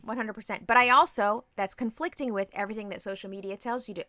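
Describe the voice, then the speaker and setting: A woman's voice: medium pitch, fairly even intonation, fast, pushed and bright, no echo. A woman co-hosting a casual podcast chat, blunt and playful, swearing freely and acting out little quoted exchanges. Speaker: podcast co-host.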